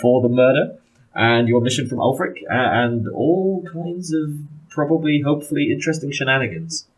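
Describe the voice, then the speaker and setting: Casual male game master, husky tone, average pitch, stammers and laughs, voice-call sound. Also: lively intonation, moderate pace, rough recording. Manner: chatty, laughing, stammering restarts. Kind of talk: casual post-session recap chat.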